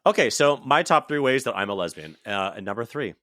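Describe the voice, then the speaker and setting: A man's voice: mid-range voice, big pitch swings, a little fast, fairly bright tone, dry recording, clean studio sound. A man in his thirties co-hosting a podcast, chatting casually in a joking, profane way with lots of "like". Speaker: podcast co-host. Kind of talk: casual chat.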